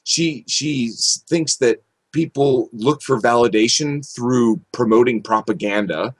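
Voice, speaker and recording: A man's voice: medium pitch, a little slow, slightly rough. A man co-hosting a podcast in casual commentary, indignant and stammering as he talks. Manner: stammering, indignant, with frequent restarts. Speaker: podcast co-host.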